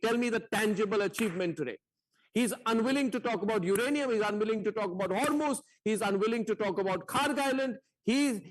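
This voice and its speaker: A man anchoring a heated televised debate, combative and mocking, firing repeated rhetorical questions. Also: high voice.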